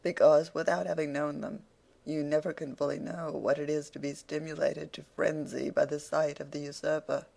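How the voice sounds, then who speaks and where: A man's voice: fairly high pitch, flat delivery, normal speed, creaky, darkish tone. A man reading an audiobook, voicing a sly, pompous older man with a florid, ingratiating, theatrical delivery. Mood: affable, scheming.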